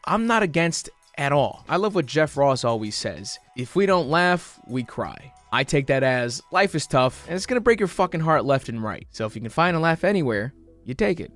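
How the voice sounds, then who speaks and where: Sarcastic, lively YouTube reviewer man. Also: on the high side. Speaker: YouTube comedy reviewer host. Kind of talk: comedic video essay commentary.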